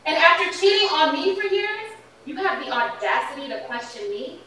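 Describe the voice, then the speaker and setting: A woman plays a defiant wife who answers her husband's betrayal with cold, cutting words. Her voice is high and bright. It rings in a very echoey room, heard from some distance with faint music underneath. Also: very animated, moderate pace, heavily acted. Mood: furious. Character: wife confronting her cheating, abusive husband. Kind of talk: indie film drama.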